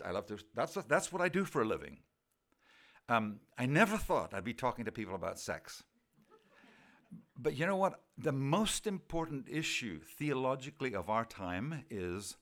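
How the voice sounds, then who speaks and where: A man's voice: fairly low pitch, a bit bright. A man speaking as a theologian at a church evening, opening with a prayer and talking in an earnest, self-deprecating way with rhetorical questions. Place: church gathering.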